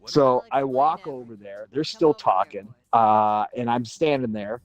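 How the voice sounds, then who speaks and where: A man in his forties from Minnesota, with a voice of ordinary middle pitch, recounts a personal story in casual livestream chat. He swears freely and jumps into the voices of the people in his tale, keeping the telling lively. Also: measured pace, muffled recording, soft background music. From Minnesota, USA. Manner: animated, swears casually, acts out other people's lines. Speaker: livestream panelist.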